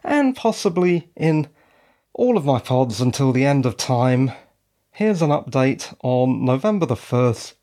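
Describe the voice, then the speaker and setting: Slow, gravelly-voiced male podcast host. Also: mid-range voice, warm tone. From United Kingdom. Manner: chatty, wry asides. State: voice cracking slightly. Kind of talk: casual solo podcast talk.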